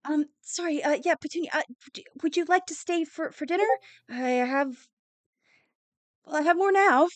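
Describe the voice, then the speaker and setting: A woman voicing a gentle village mother who speaks softly and hesitantly and keeps apologizing. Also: high-pitched, normal speed, dry recording, pitched above the performer's own voice, natural voice. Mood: apologetic. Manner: hesitant, soft-spoken, apologetic.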